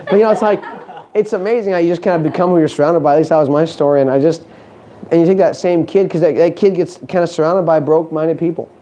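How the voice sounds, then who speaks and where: A man delivers a lively motivational talk from a conference stage, throwing questions at the audience and mixing in jokes. His voice is warm and mellow, with a faint hum of noise in the background. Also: on the high side, fast. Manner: animated, joking, asks the crowd questions. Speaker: motivational speaker.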